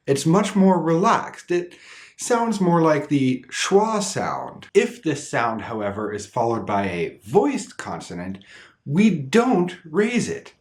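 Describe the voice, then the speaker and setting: A man with a Canadian accent, teaching pronunciation in a scripted video lesson and drawing out his example words slowly and deliberately. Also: a little high, sing-song. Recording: echoey room.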